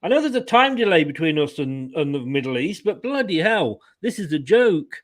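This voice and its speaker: A slightly high-voiced man joins a football watchalong as a guest. He grumbles and swears freely in loose, exasperated chat. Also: sing-song, normal speed. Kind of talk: casual match chat.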